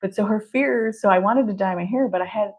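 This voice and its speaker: A woman's voice: medium pitch, fast talker, darkish tone. A woman therapist hosting a podcast, telling a candid personal story in an open, chatty way and laughing often between phrases.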